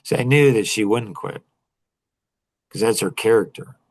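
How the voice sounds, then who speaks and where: A man's voice: fairly low pitch, moderate pace, no room sound, low-quality recording. A middle-aged man hosting a talk, telling a story to a group and driving his points home by repeating them. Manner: emphatic, repeats key phrases. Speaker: host.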